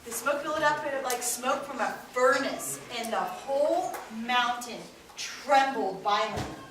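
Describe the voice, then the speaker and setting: A woman telling a Bible story to children with lively expression, quizzing them as she goes. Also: on the high side, measured pace. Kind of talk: animated Bible lesson for kids. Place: classroom with children. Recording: echoey room, far from mic, noisy.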